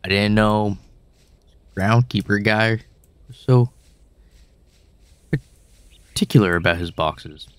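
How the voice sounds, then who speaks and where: A man's voice: lowish voice, slow, long pauses, clear, resonant tone, no room sound. Wry suspicious young gamer guy. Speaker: gaming channel host. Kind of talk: horror game commentary.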